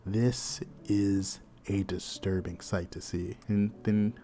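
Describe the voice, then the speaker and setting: A man with a fairly low voice casually recaps a horror manga, throwing in his own asides. Faint noise sits behind him. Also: takes it slowly. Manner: casual, animated retelling with asides. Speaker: manga reviewer.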